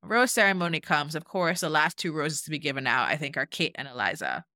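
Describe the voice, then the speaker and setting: A woman's voice: sits low, brisk, no room sound, studio quality. A woman co-hosting a podcast, casually recapping a reality show and acting out what people said. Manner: animated storyteller, acts out quotes. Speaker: podcast co-host.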